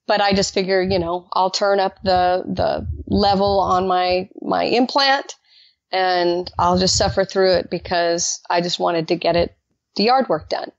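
A woman guest telling her personal faith testimony in an animated way, acting out the dialogue she quotes. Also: creaky, no room sound. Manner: animated, acts out quoted dialogue with jumps in pitch. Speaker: podcast guest. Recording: dull lo-fi dry recording.

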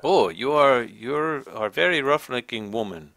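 A man's voice: medium pitch, expressive, unhurried, fairly bright tone. A man streaming a game live, talking to the on-screen travelers in a stiff, formal border-inspector manner. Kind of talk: live gameplay commentary.

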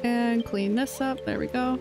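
A woman's voice: a little high, fairly even intonation, measured pace, over music, rough recording. A young woman streamer chatting casually while she plays, rambling with lots of fillers. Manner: rambling, filler-heavy chat. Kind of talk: casual gameplay chat.

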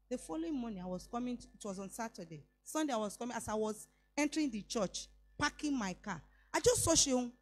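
Here a middle-aged Nigerian-accented woman talks fast in a fairly high, expressive voice as she preaches and recounts her own story. Yoruba phrases creep into her speech, and she stays emphatic throughout, her voice lifting on each declaration.

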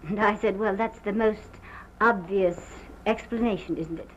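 Distraught young wife, halting and theatrical, played by an actress, dull hissy 1929 film sound. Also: female voice, medium pitch, natural voice. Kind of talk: early sound film drama. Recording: dull lo-fi early film soundtrack with faint hiss.

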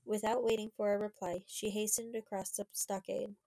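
Mellow woman reading a storybook. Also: mid-range voice, flat delivery, normal speed, few pauses, no echo, poor audio. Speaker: audiobook reader. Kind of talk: storybook narration.

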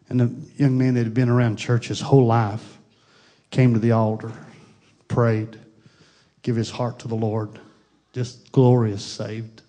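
A middle-aged pastor preaching a Pentecostal sermon, moving from grief to fervent praise. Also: male voice, mid-range voice. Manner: grieving then rising to fervent shouted praise.

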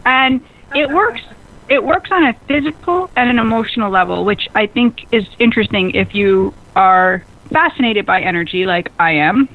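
A woman hosts a radio talk show, excitable and bubbly, often breaking into laughter. Her voice sits a little high and comes through lo-fi, phone-like radio audio. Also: moderate pace. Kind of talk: casual radio chat.

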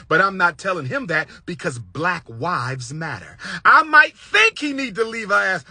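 Preacherly man, tense husky voice. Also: no echo. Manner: preacherly, swings between loud high exclamations and low hushed asides; repetitive, emphatic cadence. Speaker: public speaker giving relationship advice. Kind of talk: impassioned lecture.

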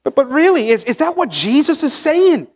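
Pastor, male, higher voice, emphatic teaching sermon in a church sanctuary. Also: very animated. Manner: emphatic teaching preacher, pausing on key words. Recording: long church hall reverb.

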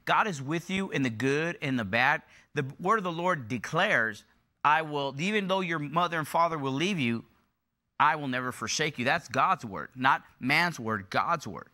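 A man's voice: fairly high pitch, lively intonation, moderate pace, sharp tone. A middle-aged male pastor preaching a sermon, repeating phrases for emphasis and building in intensity.

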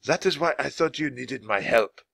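Man voicing a calm, wise old man. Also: medium pitch, normal speed, gravelly, husky, no echo, studio quality, voice pushed up, exaggerated voice. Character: kind older man, small, wise, gently amused.

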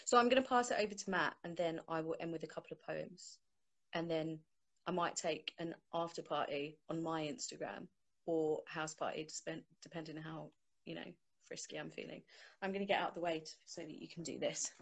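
Young woman host, casual live-stream chatter, lowish voice, phone mic at home. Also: steady tone, a little fast. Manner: chatty, laughing, informal. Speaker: host of her book launch. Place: home, on a sofa.

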